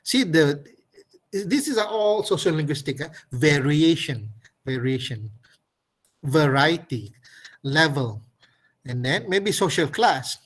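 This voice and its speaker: A Malaysian man from Kedah lectures in a webinar, his voice sitting a little high. He rambles through ideas with many fillers and restarts. The sound comes over a video call. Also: animated, slow, long pauses, fairly bright tone, slightly rough, poor audio. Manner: rambling, filler-heavy, with laughs and drawled demonstrations.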